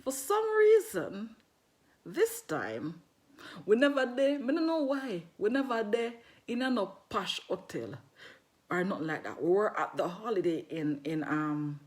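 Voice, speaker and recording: Woman, middle-aged, animated vlog storyteller, very expressive melody. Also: medium pitch. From London. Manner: animated, laughing, patois-laced storytelling. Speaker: vlogger telling a personal story. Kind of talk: casual storytelling.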